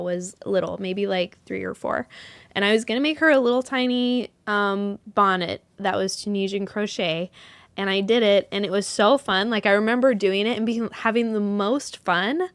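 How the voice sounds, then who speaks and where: A woman hosting a live yarn show in casual chat, bubbly and quick to laugh at herself, rambling with lots of restarts. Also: mid-range voice, clean tone, no room sound.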